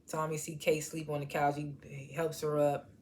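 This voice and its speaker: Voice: medium pitch, level tone, normal speed, darkish tone, slight background noise. A TV reviewer casually recapping an episode in loose, slangy storytelling and chuckling at the scenes. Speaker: TV show reviewer.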